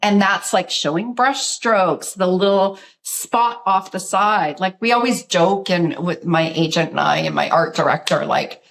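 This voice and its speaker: A middle-aged woman, a guest artist, telling her story in a casual interview, animated and full of "like". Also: lowish voice, unhurried, vocal fry, few pauses, rough recording. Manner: animated storyteller, acts out quoted voices, says "like" often.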